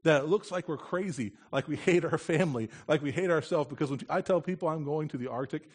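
This husky, fairly high-pitched man talks fast as he preaches a conversational sermon at a church. He's a missionary from the United States whose earnest, down-to-earth manner is touched with light humor.

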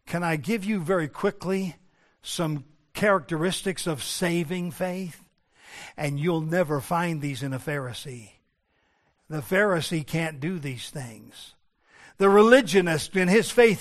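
A man preaching a sermon, swinging between loud emphatic declarations and hushed pleading, quoting scripture in old-fashioned wording. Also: fairly high pitch, measured pace.

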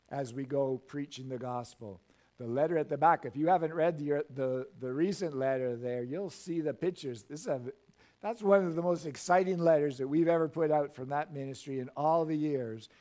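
A man's voice: medium pitch, mellow. A middle-aged male pastor preaching a sermon in a church, reading scripture and making folksy asides with frequent chuckles.

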